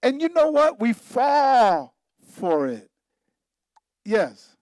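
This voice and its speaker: A man's voice: extremely high pitch, big pitch swings, very slow, darkish tone, no echo, low-quality recording. A man, a pastor, giving an informal Bible teaching in a conversational, emphatic way, repeating himself and laughing at his own points.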